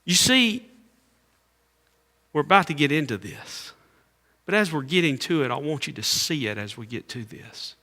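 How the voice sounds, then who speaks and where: A man preaching a sermon as pastor, swinging between loud calls and hushed asides. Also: a little high, very animated, moderate pace, pauses often. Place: church sanctuary. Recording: echoey church hall.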